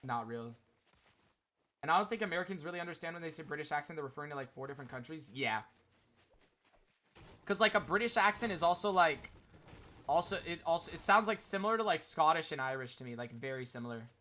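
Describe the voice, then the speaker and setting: A man hosts a casual livestream and chats loosely with his viewers. His voice sits a little high and sounds very bright and sharp. He rambles and fills his sentences with "like.". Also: animated, fast, pauses often. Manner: rambling, many "like" fillers, talks to chat. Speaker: streamer. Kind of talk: casual livestream chat commentary.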